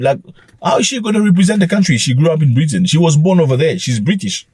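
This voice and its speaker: A man hosts an opinion vlog, lecturing his viewers with mocking asides. His husky voice sits a bit high and swings widely in pitch. Faint music plays behind him. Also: big pitch swings, fast, darkish tone, no room sound. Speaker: channel host.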